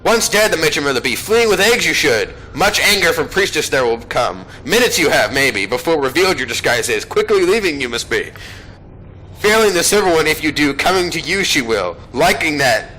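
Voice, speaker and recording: A man's voice: on the high side, very animated, normal speed, sharp tone, a little hiss or hum, low-quality recording. A man voicing a small impish male servant creature who speaks in inverted word order, reading game dialogue aloud. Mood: urgent.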